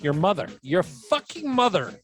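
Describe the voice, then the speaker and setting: A man's voice: high voice, very animated, normal speed, crowd noise, low-quality recording. A man hosting a comedy podcast, sarcastic and profane, laughing often as he banters with his guests. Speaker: podcast host.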